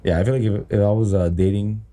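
A man's voice: on the low side, fairly even intonation, fast talker, dark tone. Crude, joking man. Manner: crude, joking, swears a lot. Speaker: podcast co-host. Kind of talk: casual chat.

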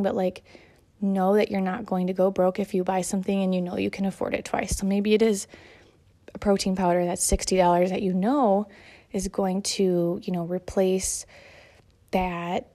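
Chatty young mom, mellow voice. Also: female voice, mid-range voice. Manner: chatty, encouraging, lots of fillers. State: slightly out of breath while folding laundry. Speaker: mother sharing self-care advice. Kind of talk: casual monologue.

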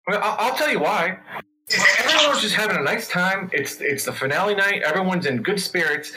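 A man's voice: high voice, animated, fairly quick, pushed and bright, rough recording. A man in a heated group argument, defensive and stammering through restarts. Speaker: castaway guest.

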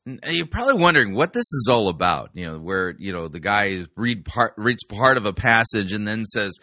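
Dry-voiced man with sarcastic, lively commentary. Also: lowish voice, moderate pace, few pauses, dry recording. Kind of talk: critical commentary.

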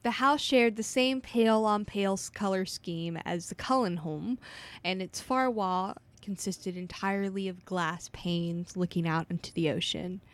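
A woman co-hosting a podcast, retelling a novel's plot in steady narration with short reactions to her co-host. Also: mid-range voice. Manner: steady storytelling recap with quick reactions. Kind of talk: casual chat and book recap.

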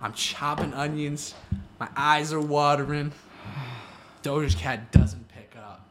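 A young man guesting on a podcast rambles through his stories, packing in fillers and sinking into quiet mumbles for his asides. His voice sits a little high. A faint hiss runs under the recording. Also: fairly even intonation, takes it slowly. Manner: rambling storytelling, full of "like", drops into a low mumble for asides. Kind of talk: casual chat.

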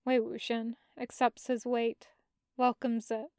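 Podfic narrator, woman, high voice, tender unhurried delivery. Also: level tone, darkish tone, clear, resonant tone, no room sound, clean studio sound. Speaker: podfic reader. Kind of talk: audiobook narration of fan fiction.

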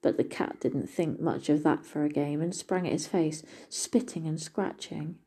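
A woman reading a fairy tale aloud as a storyteller, in a steady, gentle manner. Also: low voice, normal speed, slightly rough. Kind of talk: storybook narration.

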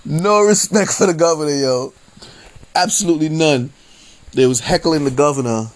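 A man's voice: a little high, normal speed. A man hosting a casual solo podcast, rambling and laughing often, full of slang and profanity. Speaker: podcast host. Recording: faint background noise.

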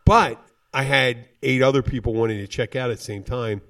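A man's voice: medium pitch, fairly even intonation, brisk, gravelly, a bit bright, recorded from a distance. A man from Philadelphia hosting a casual podcast chat, telling brash, profane stories about bartending.

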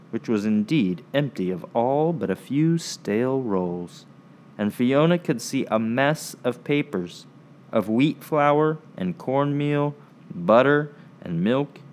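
A man narrating a storybook episode in an expressive, animated storytelling manner. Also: mid-range voice, takes it slowly.

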